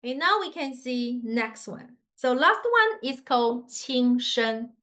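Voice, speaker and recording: A woman's voice: high-pitched, expressive, sharp tone, muffled recording. A woman teaching Mandarin tones to learners, patient and demonstrative, with slightly English. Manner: slow, patient, demonstrative, non-native English grammar. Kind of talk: tone pronunciation lesson.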